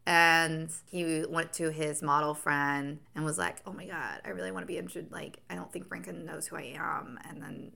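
A woman's voice: low voice, normal speed, creaky, hardly any pauses, pushed and bright. A young woman co-hosting a podcast, chatting in a gossipy, rambling way full of "like". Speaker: podcast co-host. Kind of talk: casual chat.

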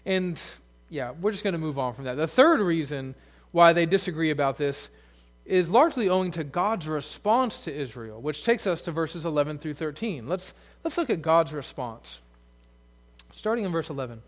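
A man's voice: fairly high pitch, animated, normal speed. A male pastor preaching a sermon in a conversational way, full of asides and rhetorical questions.

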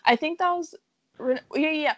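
A woman's voice: sits high, normal speed, dry recording, lo-fi sound. Giggly, blunt woman co-host. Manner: giggly, blunt, casual swearing. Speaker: co-host, film site editor. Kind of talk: casual chat.

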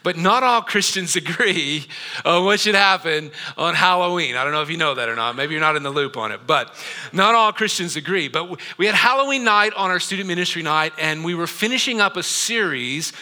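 A middle-aged man preaching a sermon in a church auditorium, his voice high and very bright. He tells his story in an animated way and keeps turning to the congregation with asides. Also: fairly quick. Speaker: pastor.

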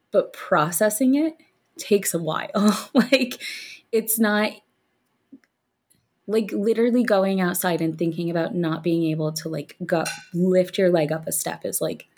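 A woman's voice: on the low side, a little mellow, husky. A woman co-hosting a podcast in casual chat, talking loosely with many fillers and frequent laughter. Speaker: podcast co-host.

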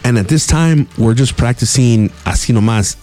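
A man's voice: medium pitch, animated, moderate pace, mellow, soft background music. A man who hosts a podcast, telling a rambling, profane story in casual street talk. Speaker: podcast host.

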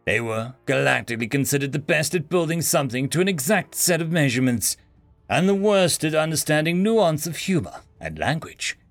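A man's voice: a little high, sing-song, fairly quick, creaky, dry recording, faint music behind. A man narrating a sci-fi story in a dry, wry storytelling manner.

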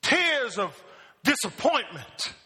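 A male pastor preaches in a church sanctuary and keeps calling on the congregation to answer him. His voice is bright and sharp. A long reverb trails behind his words in the hall. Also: very high voice, sing-song, slow pace. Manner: asks the congregation questions and calls for answers. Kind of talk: call-and-response sermon.

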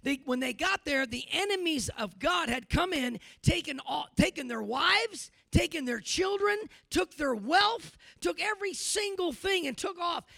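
Middle-aged male preacher, unusually high and gravelly, sermon delivery punctuated with amens. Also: expressive, measured pace, few pauses, no echo. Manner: preachy, builds from quiet to shouting with repeated amens. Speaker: pastor.

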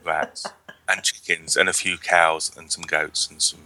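Male co-host, low bright voice, dry close mic, rambling wry delivery. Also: little pitch movement, a little slow. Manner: chatty, wry, rambling with restarts. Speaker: podcast co-host. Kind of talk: casual chat.

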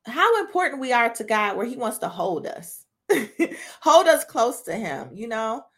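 A woman with a slightly high voice gives an earnest devotional talk in a relaxed, conversational way. She speaks straight to women listeners and keeps checking in with "right?" as she goes. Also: measured pace. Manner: conversational, with frequent "right?" and "you know?" tags. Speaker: podcast host. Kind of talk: casual devotional teaching.

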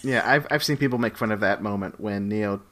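A man's voice: on the low side, brisk, a crowd in the background. A man co-hosting a casual podcast chat, speaking hesitantly with lots of fillers and restarts. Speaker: podcast co-host.

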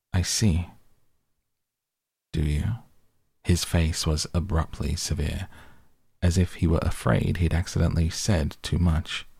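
A man reading a novel aloud in first person, slow, even and deliberate. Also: a bass voice, vocal fry, breathy edge, dry recording, clean studio sound. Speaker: audiobook reader.

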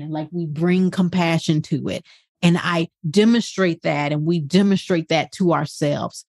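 A woman coach leads a masterclass in a relaxed, conversational way, tossing in "right?" and briefly acting out inner voices. Her voice sits a little low. The recording is close and dry, with no room sound. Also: no echo. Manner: conversational, often adds "right?" as a check-in; acts out inner voices in quick quoted asides.

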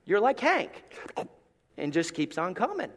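A middle-aged man, a pastor, preaching a sermon with animated storytelling and playful asides. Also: sits high, a little slow, in a large hall.

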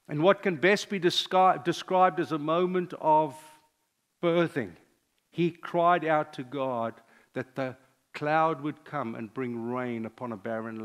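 An older man, a pastor, preaching a sermon with personal stories, sometimes dropping to a hushed confessional tone. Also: a little high.

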